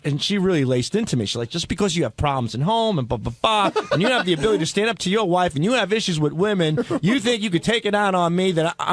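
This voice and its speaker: A man's voice: high-pitched, expressive, quick pace, a bit bright, no room sound. A man in casual studio banter, defensive and rambling, laughing often as he explains himself. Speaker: regular show staffer.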